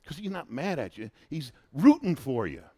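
A married man hosting a casual faith-based chat, who talks in an animated, preachy way and repeats phrases for emphasis. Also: fairly high pitch, normal speed. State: married, has a son.

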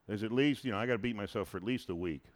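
Animated preachy man. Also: on the low side, very fast. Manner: animated, preachy, repeats phrases for emphasis. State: married, has a son. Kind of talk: casual faith-based chat.

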